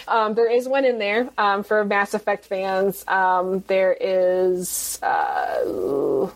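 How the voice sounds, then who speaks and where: A woman's voice: medium pitch, expressive, takes it slowly, creaky. A woman author talking casually in a podcast interview, rambling with many ums and restarts and laughing often. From United States. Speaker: guest author.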